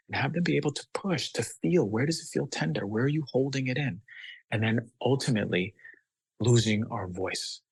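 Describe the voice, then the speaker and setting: Man, guest doctor, gravelly husky voice, dry close sound, emphatic podcast talk. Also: lowish voice, no room sound, rough recording. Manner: emphatic, acts out children's voices.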